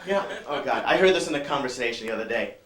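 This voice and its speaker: A man from San Francisco, California, doing stand-up comedy on a small club stage with a loud, punchy delivery that works the crowd. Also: medium pitch, expressive, racing, reverberant.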